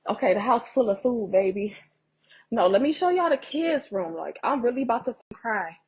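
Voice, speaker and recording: A woman's voice: fairly high pitch, animated, normal speed, darkish tone, slightly rough, highs cut off. A woman filming a walk through a house, talking to her viewers in shocked, profane remarks that sometimes drop to a whisper. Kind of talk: narrated home walk-through video. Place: inside a house.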